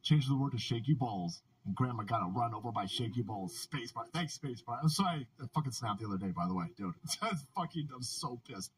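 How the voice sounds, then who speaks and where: A man's voice: medium pitch, lively intonation, fairly quick, hardly any pauses, poor audio. A man hosting a political livestream, ranting in a casual, profane way and often laughing. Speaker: livestream host. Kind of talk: casual political commentary stream.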